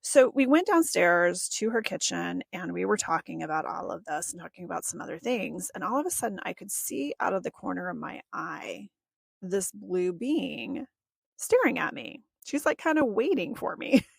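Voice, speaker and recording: A woman recounts a personal experience as a podcast host, chatty and quick to laugh. Her voice has a gravelly fry to it. The sound is dry, with no room echo. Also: lowish voice, sing-song. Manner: chatty, often laughs and acts out quotes. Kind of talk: personal storytelling monologue.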